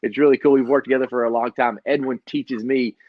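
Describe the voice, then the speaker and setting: Energetic man on a dull lo-fi call. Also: mid-range voice, fast, no room sound. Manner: energetic, laughs often, frequent restarts. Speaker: trainer co-hosting a live training session. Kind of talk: casual motivational talk.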